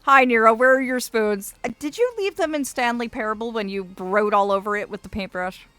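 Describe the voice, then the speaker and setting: A woman's voice: a little high, fairly quick, sharp tone, dry recording, soft background music. A woman chatting casually with her livestream viewers, doting and theatrical, calling them darling.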